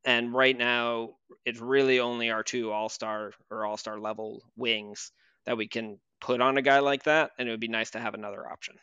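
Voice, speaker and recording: Male podcast co-host, crisp bright voice, dry booth sound, relaxed rambling basketball talk. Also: medium pitch, moderate pace, no echo, muffled recording. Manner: conversational with frequent fillers and restarts. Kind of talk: casual basketball chat.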